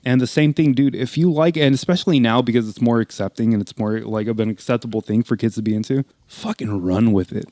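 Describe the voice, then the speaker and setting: A man's voice: medium pitch, fast talker, hardly any pauses, mellow, dry recording. A man co-hosting a casual group podcast, talking in a loose, rambling way full of swearing and fillers. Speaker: podcast co-host.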